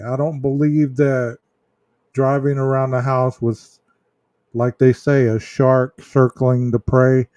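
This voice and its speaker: Man, livestream host, casual chat, rambling, slow, dark mellow voice, dry close mic. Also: mid-range voice, dry recording. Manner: rambling, drawling, reacts to chat with fillers and restarts. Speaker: true-crime livestream host. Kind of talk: casual livestream chat reading viewer comments.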